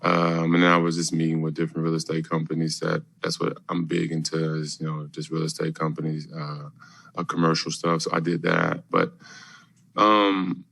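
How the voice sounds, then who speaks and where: A man in his thirties answering questions at a press conference in a laid-back, halting way with many fillers. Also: rumbling low, little pitch movement, gravelly, a bit bright. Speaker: basketball player at press conference.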